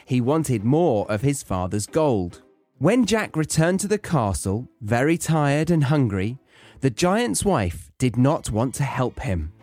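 A man's voice: medium pitch, big pitch swings, slow, a little mellow, no echo, faint music behind. A British man hosting a podcast, reading a children's story aloud with wry, joking asides. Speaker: podcast host. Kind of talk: story reading with comic commentary.

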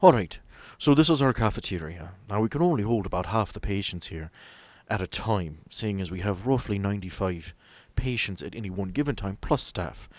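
A man's voice: lowish voice, animated, a little fast, few pauses, a little mellow, no room sound. A man voicing a businesslike asylum staff guide. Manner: matter-of-fact, businesslike guide. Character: asylum staff member giving a tour.

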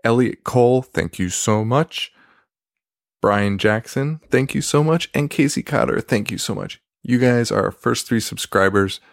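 A man hosting a podcast on his own, rambling casually in a half-quiet voice with lots of fillers and a self-deprecating streak. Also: mid-range voice, a little slow, gravelly, dry recording, clean studio sound. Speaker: podcast host. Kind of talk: casual solo podcast chat.

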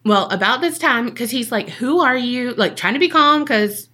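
A woman spins a true-crime tale for her podcast, her voice bright and sharp and sitting a little high. She swears freely, jokes along the way and slips into the voices of the people in her story. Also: lively intonation, normal speed, husky. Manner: profane, jokey, acts out quoted people. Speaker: podcast co-host telling a case.

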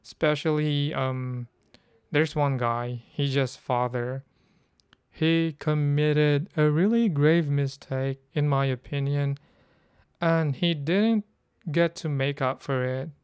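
Smooth-voiced man musing aloud. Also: on the high side, fairly even intonation, takes it slowly, darkish tone, no echo, clean studio sound. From Philippines. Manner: rambling, thinking aloud with many fillers. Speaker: podcast host. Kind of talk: casual solo podcast talk.

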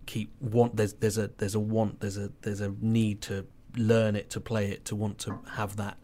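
A man on a podcast panel talking over a novel, halting and restarting often as he thinks aloud. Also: fairly low pitch, level tone, mellow, slight background noise. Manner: halting, with many restarts and fillers. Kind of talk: casual book club discussion.

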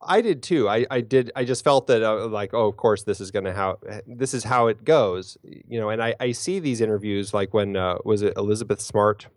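A man's voice: fairly low pitch, normal speed, few pauses, no room sound, studio quality. A man co-hosting a casual film discussion, talking hesitantly with many fillers and restarts. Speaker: podcast co-host.

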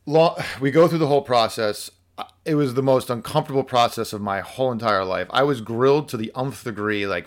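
A man telling a workplace story in casual conversation, animated and full of fillers like "like" and "so". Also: on the low side, gravelly. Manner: animated storyteller acting out quotes, many fillers. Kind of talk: casual podcast chat.

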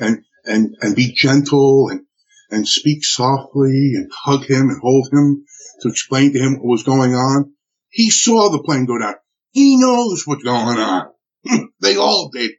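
Raspy-voiced man telling a tense story. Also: medium pitch. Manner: animated storytelling with frequent restarts and acted-out quotes. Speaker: interviewee telling a personal story. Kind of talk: emotional spoken recollection. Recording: dull lo-fi recording.

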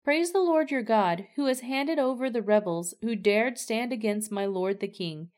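A woman's voice: a little high, moderate pace, darkish tone, natural voice. A woman reading the lines of an eager young male messenger in a scripture reading, in an earnest, pleading way. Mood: excited.

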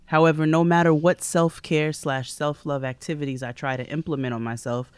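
A woman's voice: low-pitched, fairly even intonation, brisk, clean tone, dry recording. A woman co-hosting a podcast, reading an ad and a listener's letter aloud in a casual, upbeat way. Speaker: podcast co-host. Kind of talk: casual podcast chat and ad read.

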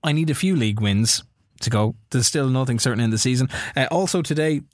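Excitable Irish man narrating his game. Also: medium pitch, brisk, no room sound, studio quality. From Ireland. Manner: running commentary on his own game, excitable bursts. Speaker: podcast co-host playing a football management game. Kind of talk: casual live-play chat.

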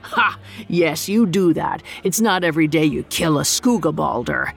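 A woman's voice: low voice, lively intonation, normal speed, vocal fry, faint music behind, heavily acted. A woman voicing a boastful male monster hunter in an audio story, bragging and blustering.

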